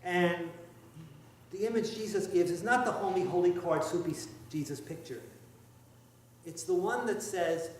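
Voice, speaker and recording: A man's voice: high voice, a little slow, long pauses, a little hiss or hum. Man preaching in an echoey church. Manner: conversational, wry, emphatic, with asides. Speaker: priest. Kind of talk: sermon. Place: church sanctuary. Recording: echoey church, heard from far off.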